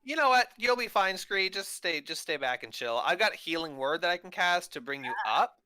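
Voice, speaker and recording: Smooth, bright-voiced man playing a tabletop game. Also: sits high, big pitch swings, normal speed, no room sound. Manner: plans tactics and points out rules. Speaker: player. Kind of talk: casual chat during a tabletop game.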